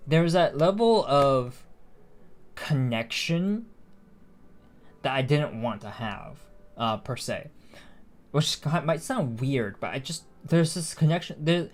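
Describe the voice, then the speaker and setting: A man streaming a video game, chatting casually and thinking aloud with frequent restarts and fillers. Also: mid-range voice. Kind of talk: casual live-stream chat while gaming.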